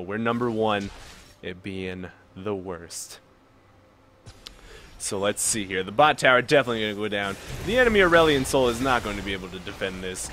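A young man giving casual gameplay commentary, chatting calmly one moment and yelling at the game the next. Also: fairly low pitch, slight background noise. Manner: excitable, swings from calm chatter to yelling at the game.

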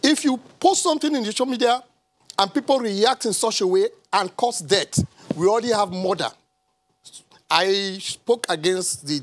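A man's voice: sits high, low-quality recording. A Nigerian man speaking as an analyst on a TV panel, impassioned and raising his voice. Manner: impassioned, voice rising. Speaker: analyst guest. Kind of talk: TV panel discussion. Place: TV studio.

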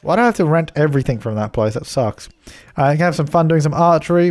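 A man's voice: on the high side, lively intonation, fast, darkish tone. A man giving casual, chatty commentary over a life-simulation game, laughing often and telling his characters what to do. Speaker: let's play host.

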